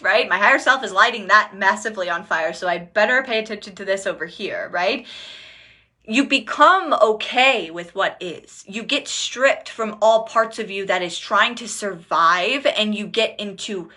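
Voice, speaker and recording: A woman spiritual teacher talks casually to a live audience. She swears and laughs freely. Her voice is bright and forceful. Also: mid-range voice, lively intonation, measured pace. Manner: chatty, swears, laughs often. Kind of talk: casual livestream talk.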